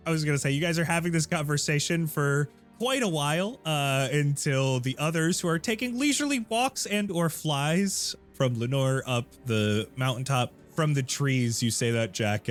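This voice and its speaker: A man serving as game master, describing scenes with lively narration and wide swings in pitch. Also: unhurried, faint music behind.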